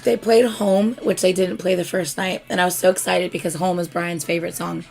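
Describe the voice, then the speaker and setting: Gravelly-voiced woman hosting a chat stream. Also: fairly low pitch, brisk, soft background music. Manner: excited, swearing storyteller. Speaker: host. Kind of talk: casual live-stream chat.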